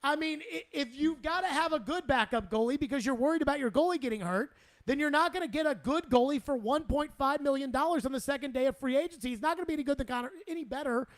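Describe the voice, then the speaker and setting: A man's voice: very high voice, quick pace. A man hosting sports talk radio, exasperated and sarcastic, repeating himself as he rants.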